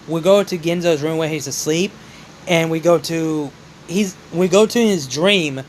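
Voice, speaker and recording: Casting: young male narrator, rambling fan storyteller, slightly high voice, faint room hum. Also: poor audio. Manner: rambling, repeats "just", self-corrects. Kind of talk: casual improvised storytelling.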